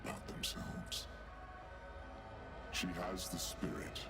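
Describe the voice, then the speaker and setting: An actor voicing a menacing, ancient demon prince in a video game cutscene, with a deep gravelly voice. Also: male voice, slow pace, loud music behind the voice, lightly acted. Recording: game audio with loud score.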